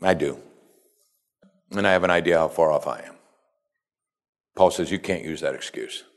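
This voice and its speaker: A man's voice: very deep voice, normal speed. A man preaching a sermon as pastor, building to emphatic call-and-response and acting out quoted voices.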